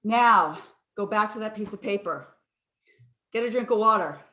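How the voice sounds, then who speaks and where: A woman's voice: mid-range voice, normal speed, fairly bright tone, echoey room. A woman neuroscientist giving an enthusiastic online lecture, with fillers and restarts, speaking into a computer microphone.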